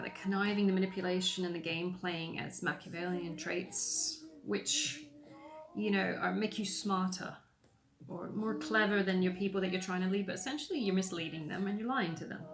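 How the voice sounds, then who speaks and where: A woman hosting a podcast, talking in a blunt, sweary, sarcastic way with plenty of ums. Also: medium pitch. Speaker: podcast host. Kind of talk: casual opinion monologue while painting. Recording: roomy echoey room sound.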